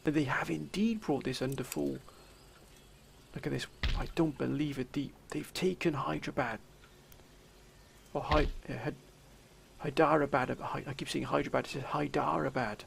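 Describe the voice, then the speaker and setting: Gravelly male let's-play commentator, theatrical commander tone, voice a touch high. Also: steady tone, moderate pace, a little hiss or hum. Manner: theatrical, addresses viewers as 'sir' and 'gentlemen'. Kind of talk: game commentary.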